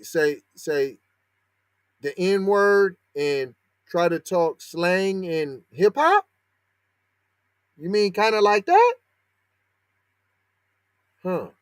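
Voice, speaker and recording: Male podcast host, slangy sarcastic commentary, slow delivery, dead-dry mic. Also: high-pitched, dry recording. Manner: sarcastic, rising to heated outrage; slangy, talks back to the article he reads. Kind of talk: commentary on a news story.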